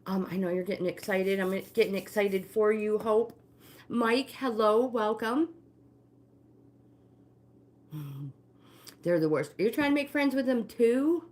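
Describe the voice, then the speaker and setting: An older woman hosts a live walking workout and talks at an unhurried, easy pace. She gives friendly coaching cues and greets her viewers one by one by name. Her voice sits at a medium pitch. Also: lively intonation, darkish tone. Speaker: fitness instructor and livestream host.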